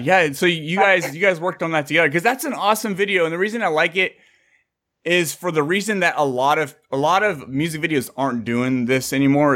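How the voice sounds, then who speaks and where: A man in his thirties hosting a casual podcast, excitable and jokey, swearing casually as he chats with guests. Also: on the high side. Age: 30s. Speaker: podcast host.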